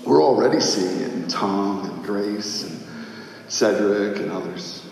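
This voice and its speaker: Impassioned preacher in an echoey hall. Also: male voice, on the low side, measured pace, gravelly, far from the mic, a little hiss or hum. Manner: impassioned, swinging between shouting and hushed prayer. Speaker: pastor. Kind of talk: sermon. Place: church sanctuary. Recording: echoey hall, faint ambience.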